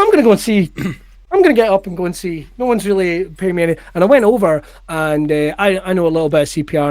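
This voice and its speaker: A man's voice: fairly high pitch, darkish tone, no echo. A Scottish man, a comedian guest on a podcast, telling a story in casual chat, acting out quotes in raised voices, swearing and laughing. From Scotland.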